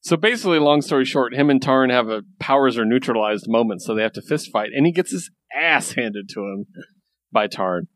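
A man's voice: mid-range voice, animated, a little fast, fairly bright tone. A man co-hosting a comic review podcast, chatting casually and enthusiastically, laughing often and acting out characters' lines. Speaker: podcast co-host.

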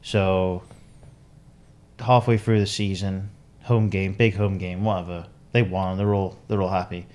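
A man's voice: low voice, level tone, measured pace, darkish tone. A young man telling a rambling story on a casual podcast, laughing often and acting out what people said. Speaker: podcast co-host.

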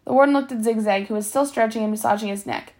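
A woman's voice: fairly high pitch, fast. Woman reading a novel aloud, with slips. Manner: steady reading, with slips and self-corrections. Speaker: reader.

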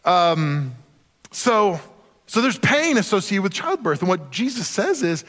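A man's voice: sits high, very animated, unhurried, a bit bright. A man preaching a sermon as a pastor, conversational and joking, sometimes acting out quoted voices. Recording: long hall reverb.

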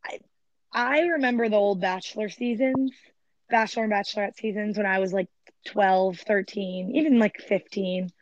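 A young woman in her twenties, a podcast guest chatting in an animated, blunt, cringing way. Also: mid-range voice, normal speed, dry recording. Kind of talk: casual chat. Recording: dry, dull lo-fi sound.

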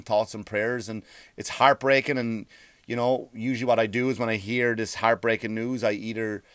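A man's voice: mid-range voice, fairly bright tone, dry recording. A man, a comedian hosting his own podcast, ranting in a rambling way, swearing freely and restarting his sentences. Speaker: stand-up comedian and podcast host. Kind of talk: profane comic rant.

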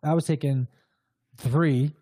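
A man with a fairly high, mellow voice tells a candid personal story as a guest. He talks casually and loosely, full of fillers. The sound is dry and close. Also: fairly even intonation, slow pace, breathy edge, no room sound. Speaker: guest, breathwork coach.

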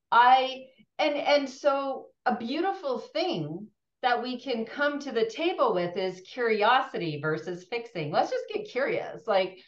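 A woman hosting a conversational interview, speaking with gentle humor. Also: fairly high pitch, big pitch swings, a little slow. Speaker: host. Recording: dull, echoey room sound.

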